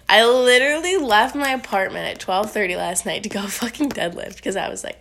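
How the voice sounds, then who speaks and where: A woman's voice: medium pitch, brisk, creaky, hardly any pauses, fairly bright tone. Woman lifter rambling to the camera, swears constantly, kinda congested. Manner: rambling, swears a lot, many fillers. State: a little congested. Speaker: powerlifter vlogger. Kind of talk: casual talking-head vlog.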